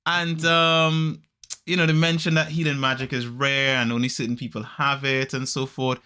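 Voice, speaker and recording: A podcast host chatting casually, retelling a story in an animated way and acting out the characters. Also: male voice, medium pitch, moderate pace, clean tone. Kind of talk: casual chat.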